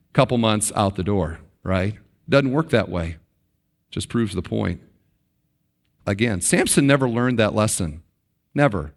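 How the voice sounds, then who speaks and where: A middle-aged male pastor preaching a sermon in a conversational way, with dramatic pauses and acted-out quotes. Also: mid-range voice.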